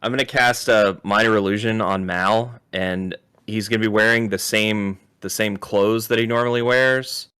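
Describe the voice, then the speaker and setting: A man at a tabletop game laying out his plans step by step. His voice is low-pitched yet bright and crisp, heard in a dry, close sound. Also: steady tone, moderate pace, few pauses, no echo. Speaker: player. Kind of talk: casual tabletop play.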